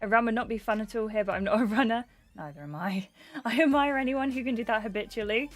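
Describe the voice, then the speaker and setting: A woman's voice: on the high side, fast talker, faint music behind. A young adult woman livestreaming a game, chatting casually and greeting viewers by name. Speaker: gaming livestreamer.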